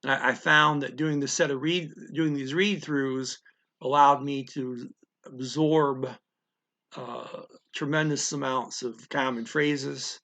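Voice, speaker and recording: A man's voice: medium pitch, fairly even intonation, takes it slowly, pushed and bright. A man teaching a language lesson in a casual way, explaining step by step and often checking in with "okay?" and "right?".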